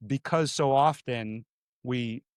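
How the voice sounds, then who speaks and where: An animated man who is an executive coach explains his ideas as a guest on a podcast, often slipping into the voices of people he quotes. His voice sits in a middle pitch range, recorded dry and close. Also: takes it slowly, clear, resonant tone, no room sound. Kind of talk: conversational coaching talk.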